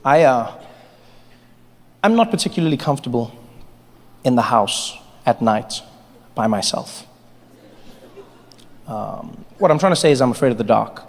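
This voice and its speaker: A man performing a stand-up comedy set, animated and playful, on a large theater stage. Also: mid-range voice, unhurried, pauses often. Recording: long hall reverb, faint noise.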